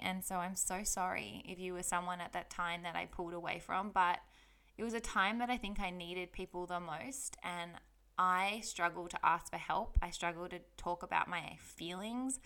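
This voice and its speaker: Bright, candid young woman. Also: on the low side, smooth. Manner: candid, heartfelt, chatty with many "like"s. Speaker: vlogger. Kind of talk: personal storytelling vlog.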